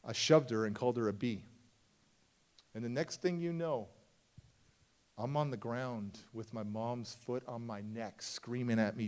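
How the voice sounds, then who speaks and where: A motivational speaker telling a personal story at a conference, acting out the people in it and swinging between hushed and loud. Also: male voice, medium pitch, unhurried, long pauses. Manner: acts out voices of people in his story, swings from hushed to shouting. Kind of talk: dramatic storytelling keynote. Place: large conference hall.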